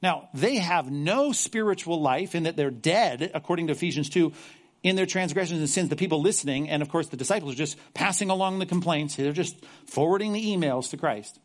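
A male pastor preaching a sermon, animated and sarcastic, mocking apologetic voices as he makes his point. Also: a little high, a little fast.

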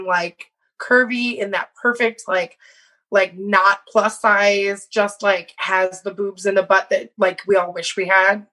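A woman's voice: medium pitch, fairly bright tone, rough recording. A woman in her thirties, co-hosting a casual chat, retelling a story about messages with lots of laughter and fillers. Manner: giggly, reads messages aloud with frequent fillers.

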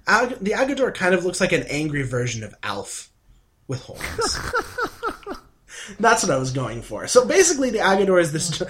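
Excitable, lively-voiced man. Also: high-pitched, normal speed, a little hiss or hum. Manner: excitable, gushing, acts out characters' lines. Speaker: podcast co-host. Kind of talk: casual podcast chat.

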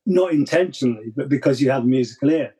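A man who writes a blog, talking as a podcast guest in a casual conversation, giving reflective, measured explanations. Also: mid-range voice, mellow, slightly rough.

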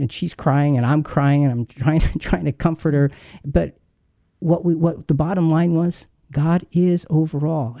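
A man's voice: fairly high pitch, vocal fry, dark tone, no echo. A man in his fifties hosting a Bible teaching show, telling a painful story in a heartfelt, earnest way. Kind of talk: earnest devotional talk.

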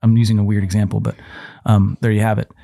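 A man's voice: on the low side, flat delivery, fast, vocal fry, warm tone, no room sound, clean studio sound. A man co-hosting a Christian parenting podcast, explaining Bible passages in a conversational teaching way, with frequent restarts. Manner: explanatory, quotes scripture, many restarts.

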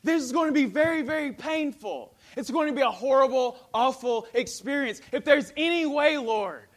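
A man's voice: very high-pitched, expressive, normal speed, voice pushed up. A man acting out the quoted prayer of an anguished man pleading desperately within a sermon. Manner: pleading, strained and loud.

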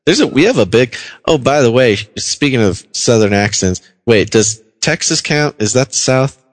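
A man's voice: mid-range voice, sing-song, moderate pace, dry recording. A man co-hosting a podcast in casual banter, joking and laughing often. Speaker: podcast co-host.

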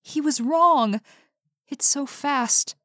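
Brief: woman doing a scared, teary young woman, higher and shaky, dry close sound. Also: unhurried, a little mellow, no echo, close to an everyday voice. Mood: panicked. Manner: shaky, hesitant, pleading. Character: frightened tearful young woman.

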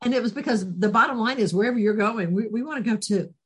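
A woman's voice: fairly high pitch, fast talker, breathy edge. A talkative, spunky woman telling stories as a podcast guest, laughing often. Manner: laughs often, animated storytelling. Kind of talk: casual interview chat.

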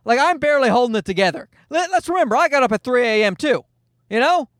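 Animated, profane man hosting a podcast. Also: very high voice, fast talker, dry recording, clean studio sound. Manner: animated, profane, self-mocking. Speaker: podcast host. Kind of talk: casual solo podcast storytelling.

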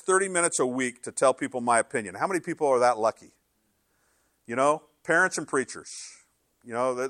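An older man preaching a sermon as a pastor, telling stories with lively voice changes as he acts out inner dialogue. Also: medium pitch, no room sound, studio quality.

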